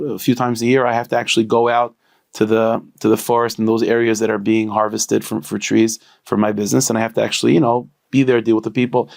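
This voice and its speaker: A man with a gravelly, creaky voice tells a story at a middle pitch. He talks in a loose, chatty way, full of "you know" and restarts, and lifts his voice when he quotes the people in the tale. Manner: conversational, many fillers and restarts, lively voiced quotes. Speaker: storyteller rabbi. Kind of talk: casual spoken storytelling.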